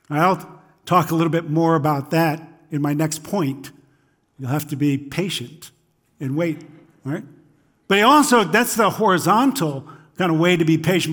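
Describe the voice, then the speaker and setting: A man's voice: on the high side, a bit bright. A middle-aged man preaching a conversational sermon, often checking in with the listeners as he goes. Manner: conversational, frequently checks in with "right?". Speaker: pastor.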